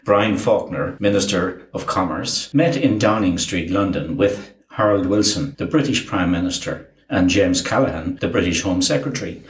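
A man with a low, deep voice delivers scripted documentary narration. He reads names and dates in a measured, even way. The recording carries a noticeable roomy echo.

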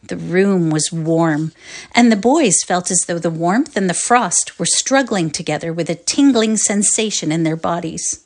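A woman's voice: on the low side, a little slow. A woman reading a classic short story aloud as narrator in a readers' theatre performance, telling it expressively. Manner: expressive storytelling, lively voicing of quotes.

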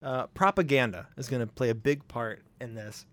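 A man's voice: medium pitch, normal speed, dry recording. A young man co-hosting a podcast, telling a history story in a casual, chatty way and chuckling often. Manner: conversational, chuckles often, puts on silly voices for quotes.

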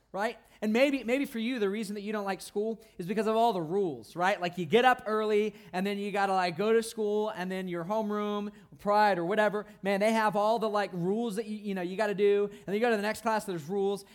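Playful, high-voiced young man preaching. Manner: animated, playful, asks the crowd "right?" often. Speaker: youth pastor. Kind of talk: youth sermon.

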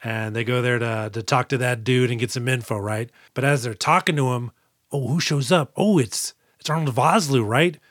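A man co-hosting a podcast, recapping an action movie in casual chat and slipping into quick mock voices. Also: medium pitch, fairly bright tone, no room sound, studio quality. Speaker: podcast co-host.

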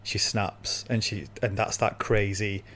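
A man's voice: on the low side, little pitch movement, measured pace, a bit bright. A man in casual discussion, earnestly laying out his view at length.

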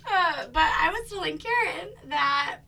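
A woman's voice: high voice, expressive, a little slow, gravelly, bright, forceful tone, distant mic. A woman co-hosting a podcast for school leaders, chatting in a giggly, playful way. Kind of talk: casual podcast banter.

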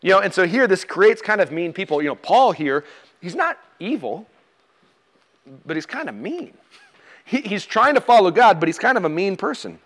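High-voiced man preaching in a relaxed way. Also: normal speed. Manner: conversational and plain-spoken, with light humor; addresses listeners directly with questions. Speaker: pastor. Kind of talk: sermon.

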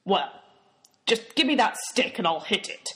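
A man's voice: sits high, very animated, a little slow, pushed and bright, exaggerated voice. A man playing a sardonic young volunteer. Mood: dry. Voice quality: dry, sarcastic.

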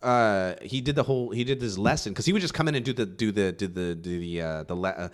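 A young man from California talks quickly in a lowish voice. He rambles in casual chat, swears often, and piles up fillers and restarts.

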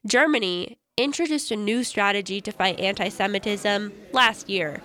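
A young woman from the United States narrating a radio feature report in a calm, measured first-person voice. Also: medium pitch, no room sound, studio quality.

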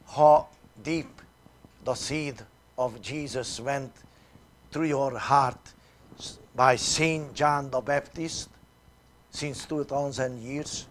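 Here a male priest delivers a retreat sermon in a mid-range voice, reading at a slow, deliberate pace. Long pauses break it up, and his volume swings dramatically from loud to soft.

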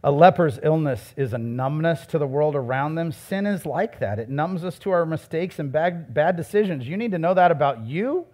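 Man preaching, lively and conversational. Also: on the high side, normal speed, hardly any pauses. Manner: conversational preaching with shifts between loud emphasis and soft asides. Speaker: pastor. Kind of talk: sermon.

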